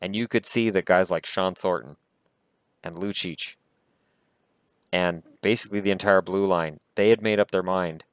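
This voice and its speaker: Low-voiced man ranting about hockey. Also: steady tone, moderate pace, long pauses, smooth, dry recording. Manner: heated, blunt and profane. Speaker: hockey vlogger. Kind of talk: casual opinion rant.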